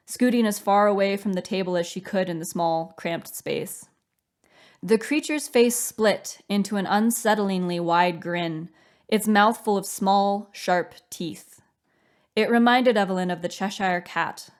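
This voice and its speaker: Lady reading her own novel out loud, steady and measured, middle pitch. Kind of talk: audiobook narration.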